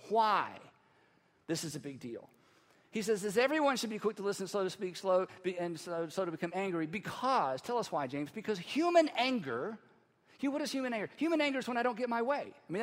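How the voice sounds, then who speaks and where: High-voiced preacher in a reverberant hall. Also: male voice. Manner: conversational preaching, animated, acts out voices. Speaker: pastor. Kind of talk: sermon. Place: church auditorium.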